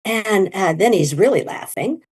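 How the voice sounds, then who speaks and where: A middle-aged woman telling her story in an interview, animated and leaping into high quoted voices. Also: unhurried, breathy edge. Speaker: guest, near-death experiencer.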